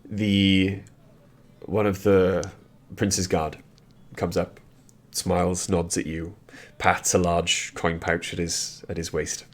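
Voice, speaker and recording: Deep-voiced man narrating as game master. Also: level tone. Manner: descriptive, halting narration with fillers.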